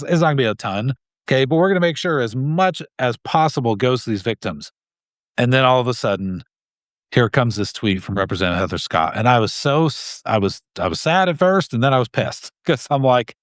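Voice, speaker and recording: A man talking as an interview guest in an earnest, heated way, often breaking off and restarting his sentences. His voice sits at a middle pitch. The room is dry, with no echo. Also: lively intonation, fairly quick. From Idaho. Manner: earnest and heated, with frequent restarts and short laughs. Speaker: guest, gun rights group president. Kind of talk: casual interview talk.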